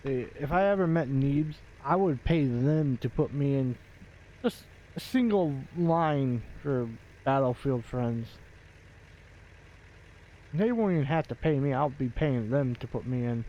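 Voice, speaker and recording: Slow, rambling man gaming. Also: medium pitch, animated, highs cut off. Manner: rambling, many fillers and restarts. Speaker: gaming video creator. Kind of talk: casual commentary while playing a game.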